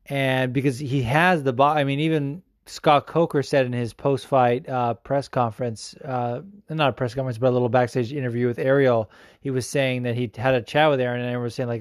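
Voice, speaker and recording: A man's voice: medium pitch, brisk, no room sound. Young man, podcast host, loose and profane, jokey rambling chat, dry close sound. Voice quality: swears often, rambling and joking. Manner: loose, self-mocking, animated. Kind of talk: casual solo podcast talk about MMA.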